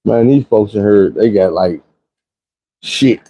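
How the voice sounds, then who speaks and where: A man's voice: lowish voice, slow, slightly rough, rough recording. A young man telling a profane, vivid personal story in a casual monologue. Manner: vivid, profane retelling with shouted quotes.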